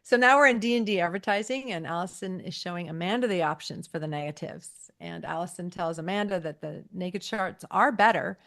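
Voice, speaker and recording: A woman's voice: on the low side, fairly quick, creaky, hardly any pauses, a bit bright. A woman co-hosting a podcast, chatting casually as she recaps an episode and acts out lines from the scenes. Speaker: podcast co-host.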